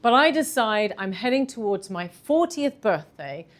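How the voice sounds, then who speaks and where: A woman, telling a candid personal story in a talk, animated and self-deprecating. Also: on the high side, measured pace. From London. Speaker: speaker giving a talk.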